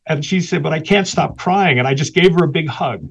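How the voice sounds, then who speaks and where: A man's voice: on the high side, fairly quick, gravelly, breathy edge. Man telling a story, dull lo-fi sound. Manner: animated storyteller, laughs between lines. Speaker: guest, author. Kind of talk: personal storytelling in conversation.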